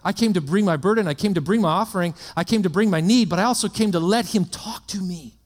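High-voiced fast-preaching male pastor in a reverberant church. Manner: fast, emphatic preaching with quoted prayers and repetition. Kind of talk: sermon. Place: church sanctuary.

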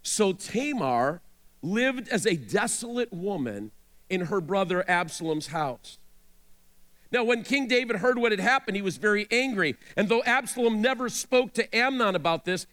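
A man's voice: sits high, animated, normal speed, a bit bright. A male pastor preaching a sermon, retelling a scripture story with dramatic storytelling and direct asides to his listeners.

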